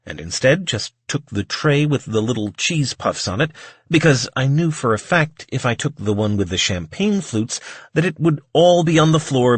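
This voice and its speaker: A man narrating an audiobook in the first person, with a measured, wry reading. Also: medium pitch, slightly rough, dry recording.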